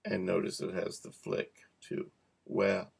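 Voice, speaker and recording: A man teaching a cueing lesson, repeating practice words slowly and joking softly as he goes. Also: low-pitched, lively intonation. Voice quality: gravelly. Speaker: cueing instructor. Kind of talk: relaxed teaching to camera.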